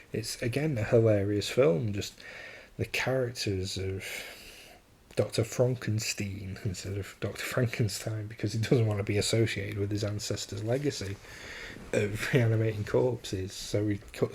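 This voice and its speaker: A man's voice: lowish voice, gravelly, dark tone, husky. A man hosting a solo podcast, talking casually and enthusiastically, chuckling often and restarting his sentences. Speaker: podcast host.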